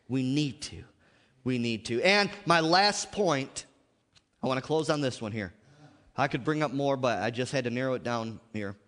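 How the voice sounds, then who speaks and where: A man's voice: mid-range voice, fairly bright tone, in a large hall. A man preaching a sermon to a congregation, repeatedly calling out "Amen?" and asking the audience questions. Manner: call-and-response, frequent "Amen?" and "How many of you know". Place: church sanctuary.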